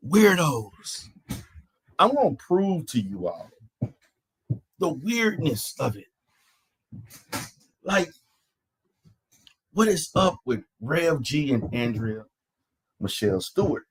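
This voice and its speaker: A man's voice: on the high side, very animated, takes it slowly, long pauses, a bit bright, breathy edge, no room sound. A man hosting an online panel, ranting in a mocking, profane way, stammering and repeating his phrases. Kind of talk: heated live-stream rant.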